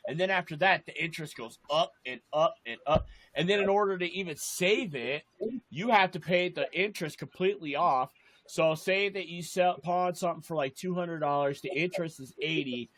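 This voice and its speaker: A man's voice: fairly high pitch, normal speed, fairly bright tone, a little hiss or hum. A young man telling a rambling, swear-heavy story in casual chat as a podcast co-host.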